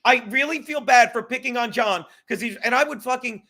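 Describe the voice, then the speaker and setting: A man's voice: very high voice, sharp tone. A man hosting a podcast, ranting and joking in casual chat, with crude, profane humor. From New York. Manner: profane, joking, quick rants. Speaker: podcast host.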